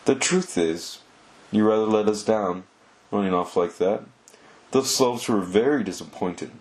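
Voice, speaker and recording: A man voicing a menacing highwayman with a soft, sing-song voice, reading a storybook aloud. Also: a little slow, natural voice.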